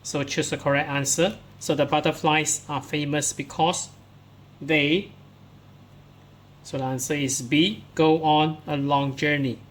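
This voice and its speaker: A man's voice: a little high, steady tone. A man teaching English, walking pupils through workbook answers and reading the text aloud step by step, starting many sentences with "so". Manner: slow, explains step by step, starts lines with "so".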